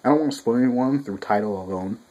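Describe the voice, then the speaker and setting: A man's voice: medium pitch, fast, lo-fi sound, background noise. A young man reviewing a manga chapter in a casual, rambling, profane way, at home with his cat nearby. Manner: profane, rambling, animated quoting.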